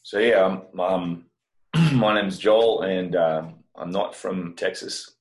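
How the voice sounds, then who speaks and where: A middle-aged man with an Australian accent, chatting casually as a podcast guest with a relaxed, self-deprecating humor. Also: low voice, slow. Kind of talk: casual interview chat.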